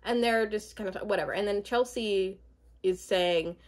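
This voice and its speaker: A woman's voice: mid-range voice, normal speed. A young woman in casual chat, rambling with many fillers and asides as she recaps a reality show.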